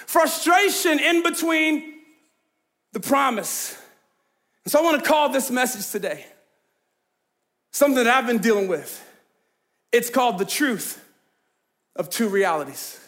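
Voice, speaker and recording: A man's voice: very high voice, lively intonation, a little slow, long pauses, fairly bright tone. A man preaching a sermon as pastor, emphatic and conversational, calling out to the congregation and laughing easily.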